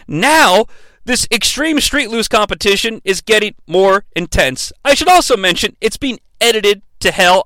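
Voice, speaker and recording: Animated, sarcastic male movie reviewer. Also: sits high, no room sound. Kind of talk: comedic movie recap.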